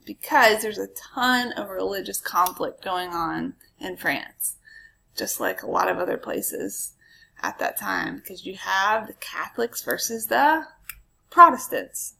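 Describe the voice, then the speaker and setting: Woman, history teacher, casual lecture, chatty with ums, gravelly voice, mid pitch. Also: a bit bright, poor audio. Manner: chatty, frequent ums, asides to students.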